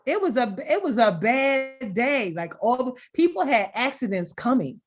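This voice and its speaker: A middle-aged woman on a video call, telling heartfelt stories in an expressive way and laughing now and then as she talks. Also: fairly high pitch, normal speed. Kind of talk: heartfelt conversational storytelling.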